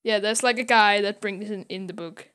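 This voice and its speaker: Retelling a funny story on the podcast she co-hosts, this woman leans on lots of fillers and slips into small acted-out voices. She speaks at normal speed in a mid-range, slightly bright voice with fairly even intonation. The tone is clean.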